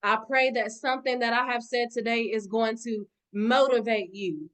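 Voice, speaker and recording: Woman, high voice, impassioned motivational speaker, repetitive exhortations, video call. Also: steady tone, normal speed, fairly bright tone. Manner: preachy, repetitive exhortations, addresses audience as y'all.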